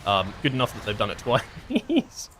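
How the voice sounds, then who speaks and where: A man's voice: mid-range voice, wildly swooping pitch, moderate pace, fairly bright tone, slight background noise. A man streaming a game and explaining mechanics in a casual, rambling way with lots of fillers. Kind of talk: casual gameplay commentary.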